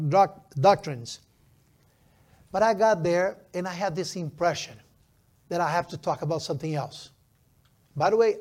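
A pastor in his fifties preaches a sermon, his voice sitting somewhat high for a man. He talks emphatically and stretches out the phrases he wants to land, with slightly non-native phrasing. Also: a little mellow. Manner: emphatic, slows down for key phrases.

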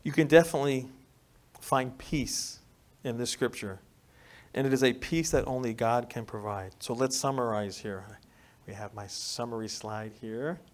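A man with a New York accent preaching a sermon in a conversational way, often checking in with "right?" and moving between loud emphasis and quiet, soft passages. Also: medium pitch, normal speed. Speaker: pastor.

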